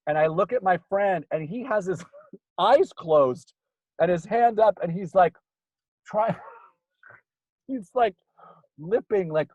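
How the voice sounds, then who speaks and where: Chatty higher-voiced man telling a story. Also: measured pace, long pauses, no room sound, poor audio. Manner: rambling, filler-heavy, gets animated when excited. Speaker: guest storyteller. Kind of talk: casual storytelling.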